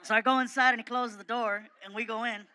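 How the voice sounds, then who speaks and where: Male comic guest, animated storyteller, high and bright. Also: quick pace, a little hiss or hum. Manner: animated, excitable, self-mocking. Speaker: guest comedian. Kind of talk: comedic storytelling in an interview.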